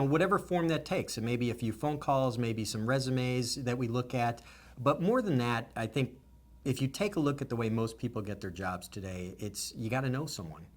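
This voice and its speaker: Earnest, emotional executive man. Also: fairly low pitch. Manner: earnest, emotional, stream of consciousness. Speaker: business executive interviewee. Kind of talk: candid interview answers.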